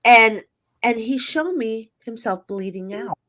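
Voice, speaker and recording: A woman's voice: a little high, animated, slow pace, a crowd in the background. A middle-aged woman, a psychic medium guest, telling emotional stories candidly in casual chat. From New Jersey. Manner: candid, emotional storytelling with frequent fillers.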